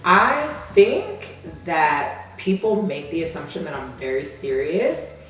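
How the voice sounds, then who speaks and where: A woman with a low voice speaks as a relationship coach in a calm, measured way. She is heard from off the mic in a very echoey room. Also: far from the mic. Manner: calm, measured advice-giving. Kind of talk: casual interview chat.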